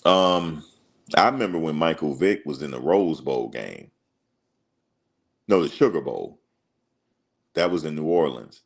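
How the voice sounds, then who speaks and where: A man's voice: very deep voice, expressive, unhurried, gravelly, pauses often, husky. A man hosting a casual sports livestream, rambling through stories and slipping into quoted voices. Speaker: host.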